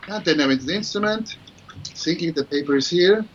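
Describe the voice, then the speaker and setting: Male oboist on a video call: higher-than-usual voice, lo-fi muffled line, demonstrative teaching manner. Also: brisk, soft background music. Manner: explanatory, sings syllables to demonstrate. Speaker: guest oboist explaining technique. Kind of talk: online interview with demonstrations. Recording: muffled lo-fi online call with faint ambience.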